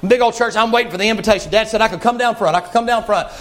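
A man preaching a folksy, animated sermon and shouting at its peaks. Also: sits high, rapid-fire. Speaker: pastor.

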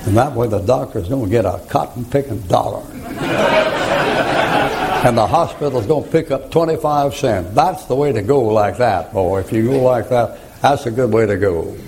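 A man's voice: mid-range voice, normal speed, a crowd in the background, noisy background. An older man preaching a folksy sermon full of stories, chuckling as he talks. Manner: folksy storytelling, chuckling, rising to shouted rhymes.

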